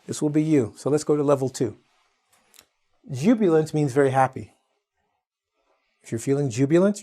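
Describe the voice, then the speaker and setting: A man's voice: mid-range voice, dark tone. A man from Canada teaching an online English lesson, playful and acting out exaggerated quotes.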